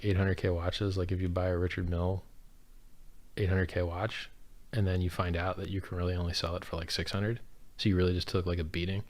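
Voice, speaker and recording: A man with a very low voice hosts a casual livestream and answers chat questions. He talks in a blunt, profane, offhand way. The close, dry sound comes from a studio dynamic mic fitted with a foam pop filter. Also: a little mellow.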